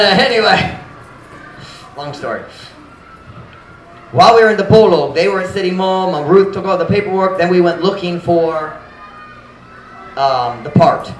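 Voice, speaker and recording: A male pastor preaching in a church sanctuary, his fairly high voice ringing through a roomy space. He tells his story animatedly and frankly, like talking with friends, and faint noise sits underneath. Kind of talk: storytelling sermon.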